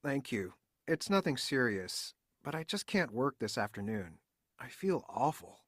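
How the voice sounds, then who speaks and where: A man's voice: medium pitch, very animated, unhurried, slightly rough, no room sound, studio quality. A man with an American accent voicing a man with a cold in a scripted textbook dialogue. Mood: polite. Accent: American English. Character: man with a cold, polite and chatty.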